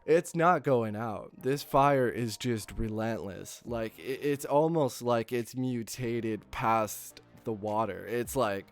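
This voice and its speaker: A man hosting his channel, telling a casual anecdote with constant swearing and lively acting out of his own lines. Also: medium pitch, slow pace, hardly any pauses, soft background music. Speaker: channel host.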